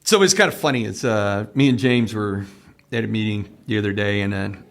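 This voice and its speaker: A man's voice: lowish voice, brisk. A middle-aged man hosting a podcast, telling stories in a casual chat and often tagging his lines with "right?". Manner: storytelling, tags lines with "right?". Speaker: podcast host.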